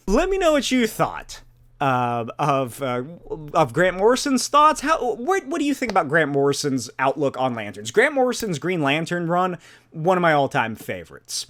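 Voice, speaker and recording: A man's voice: fairly high pitch, huge pitch swings, normal speed, fairly bright tone. A man hosting a solo podcast, rambling casually, swearing and laughing often. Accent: non-native or regional accent. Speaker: podcast host.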